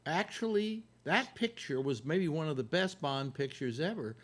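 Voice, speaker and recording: An older man hosting a casual panel chat, telling stories in a rambling way with halting restarts and laughs. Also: on the high side, expressive. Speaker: radio talk show host.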